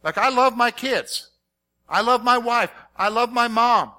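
A middle-aged pastor with a very high-pitched voice takes his time, reading scripture and questioning his congregation in an animated, conversational way.

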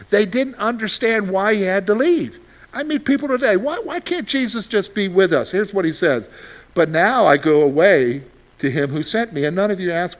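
High-voiced preaching man, animated. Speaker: pastor. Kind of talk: sermon.

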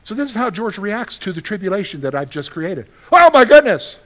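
A middle-aged man preaching a sermon as pastor, lively and conversational, asking his listeners questions and answering them himself. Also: high-pitched, a little fast. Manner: animated, asks the congregation questions and answers them; acts out his own panicked reactions for humor.

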